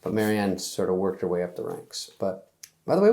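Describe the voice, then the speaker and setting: A man's voice: low voice, lively intonation, fairly quick, vocal fry, warm tone, reverberant. A middle-aged man hosting, delivering a loose, sarcastic comedy monologue that acts out little quotes in other voices. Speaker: host.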